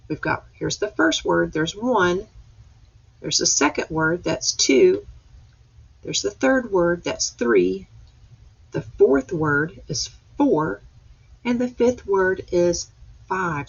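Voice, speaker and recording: A woman teacher leading a reading lesson for young children, patient and reading slowly word by word. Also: on the low side, creaky, breathy edge, highs cut off.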